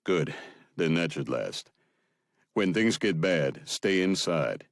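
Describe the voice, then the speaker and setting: A man voicing a calm, protective soldier in an audiobook, firm and clipped. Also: low-pitched, slow pace, no room sound, studio quality, exaggerated voice.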